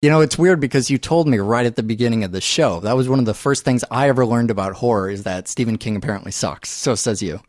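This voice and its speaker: Animated man swearing through a film chat. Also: medium pitch, quick pace, hardly any pauses, no echo, clean studio sound. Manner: animated, swears freely, breathless. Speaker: podcast co-host. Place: studio.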